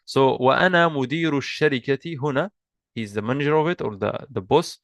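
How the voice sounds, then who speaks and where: Guy teaching an online class, mid pitch, dry close sound, keeps repeating himself patiently. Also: fast, no room sound. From Egypt. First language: Arabic. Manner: patient, repeats and restarts, switches between English and Arabic. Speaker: Arabic teacher. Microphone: video call mic.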